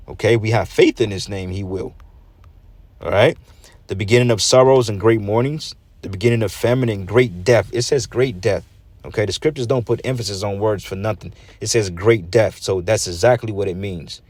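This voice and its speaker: A man with a fairly low voice preaches a street sermon, reading scripture aloud and breaking it down bluntly. He swears freely and keeps tagging lines with "man" and "okay." The sound is close and dry, with almost no room echo. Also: a little mellow.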